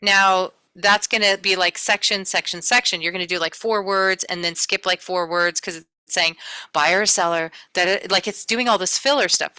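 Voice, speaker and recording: Bright, chatty woman instructor. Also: lowish voice, normal speed, clean tone, poor audio. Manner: chatty, talks to students directly, acts out their reactions. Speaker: real estate exam instructor. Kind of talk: casual live class lecture.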